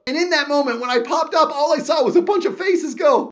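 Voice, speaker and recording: A man hosting his own channel, telling a personal story dramatically, excitably bursting into shouts and chatting directly to his viewers. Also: very high-pitched, a little fast, hardly any pauses. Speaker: channel host.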